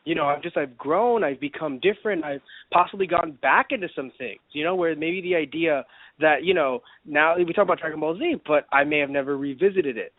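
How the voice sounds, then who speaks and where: A man with a voice on the high side co-hosts a podcast, chatting briskly and casually while rambling with frequent fillers and restarts. No echo here, just a dry, tinny, phone-like sound.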